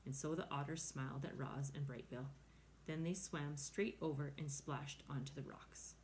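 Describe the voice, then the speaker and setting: A woman reading a children's novel aloud in a clear, steady storytelling manner. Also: low-pitched, normal speed, a little hiss or hum. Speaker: reader.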